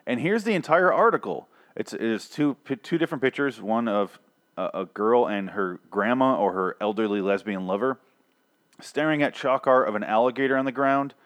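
A man's voice: medium pitch, animated, moderate pace, a bit bright. A man hosting a casual comedic rant, sarcastic and exasperated, swearing often.

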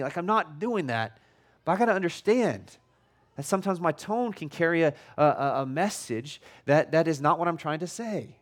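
A male pastor preaching a casual, conversational sermon, often restarting and repeating words, with a tone that can come across as loud. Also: on the high side, expressive, normal speed. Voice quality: tone that can sound loud or angry.

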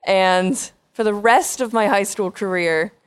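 A woman comedian telling a personal story with dramatic pauses and self-deprecating humor. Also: mid-range voice, smooth.

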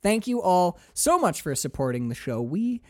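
A man co-hosting a casual film podcast, energetic and jokey, laughing often. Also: sits high, normal speed, dry recording, studio quality. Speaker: podcast co-host.

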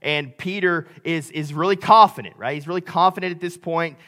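Storytelling male pastor, fairly high voice. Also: brisk. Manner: storytelling, big swings between loud and hushed. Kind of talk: sermon.

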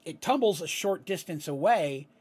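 A man's voice: fairly high pitch, expressive, normal speed, breathy edge. A man acting as game master, narrating a tabletop fantasy battle with explanatory asides and frequent checks of "right?".

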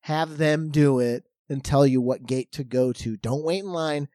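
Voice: mid-range voice, measured pace, mellow, no room sound, studio quality. A speaker in casual chat, blunt and swearing often, laughing along.

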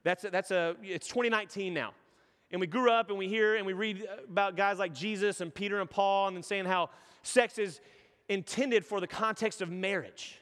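This high-pitched man in his thirties preaches as a pastor at a normal pace, his voice carrying a big-room sound. He tells stories with animation, acting out each voice.

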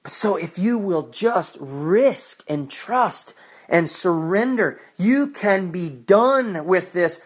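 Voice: medium pitch, expressive, takes it slowly, breathy edge. A preacher in an impassioned monologue, exhorting with fervent repetition.

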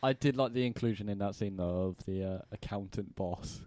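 A man guests on a podcast, talking in a halting way and slipping in dry jokes. His voice is low-pitched. It is recorded close and dry. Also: a little mellow, dry recording. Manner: hesitant, halting, with dry humour. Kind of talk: casual chat.

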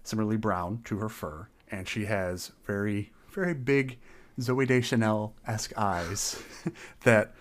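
A man's voice: on the low side, fairly even intonation, a little slow. A man playing a tabletop game, describing his character in a rambling, hesitant way. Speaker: player.

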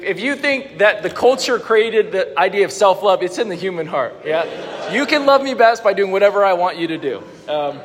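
Male pastor with a high voice, conversational, quizzes the room; long hall reverb. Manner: conversational, asks the congregation questions. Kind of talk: sermon.

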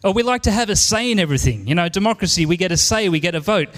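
Earnest high-voiced Australian preacher man. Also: animated, racing, a bit bright, long reverb tail. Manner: earnest, emphatic, repeats key lines. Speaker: pastor. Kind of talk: sermon. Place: church.

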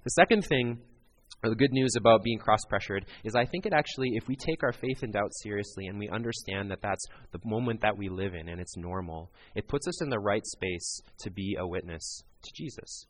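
A man's voice: fairly low pitch, animated, brisk. A man preaching a sermon in an earnest, conversational way, talking directly to his listeners. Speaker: pastor.

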